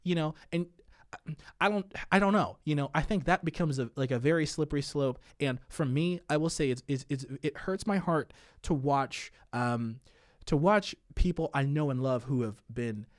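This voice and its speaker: A man in his thirties, a podcast guest, talking in a hesitant, halting way with many restarts. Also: on the high side, no room sound, studio quality. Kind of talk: casual conversation.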